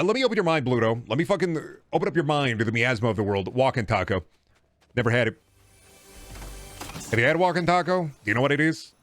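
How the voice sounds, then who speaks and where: A man streams a video game and chats casually, ranting with plenty of swearing, rambling and slipping into goofy riffs and silly voices. His mid-range voice is a bit bright, with no room sound.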